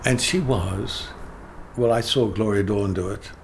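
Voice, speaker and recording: A man's voice: on the low side, unhurried, vocal fry, slight background noise. An older man, a theatre director telling emphatic anecdotes in an interview, often restarting his sentences. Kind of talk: interview conversation.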